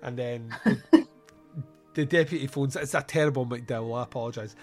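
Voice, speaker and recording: A man's voice: mid-range voice, a little fast, soft background music. A man hosting a podcast, chatting casually about a film, laughing often and acting out lines in silly voices. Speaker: podcast host. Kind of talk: casual film review chat.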